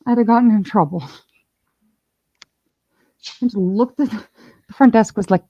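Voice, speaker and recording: A woman's voice: medium pitch, normal speed, long pauses, dark tone, no room sound, muffled recording. A woman host in casual chat, telling a rambling story full of restarts. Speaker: channel host.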